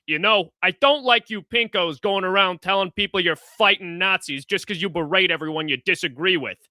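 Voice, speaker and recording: An actor voicing a tough, plainspoken World War II soldier in a cartoon, folksy and scornful. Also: male voice, high voice, fairly quick, sharp tone, no room sound. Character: tough old-fashioned WWII soldier, plainspoken. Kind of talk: cartoon voice acting.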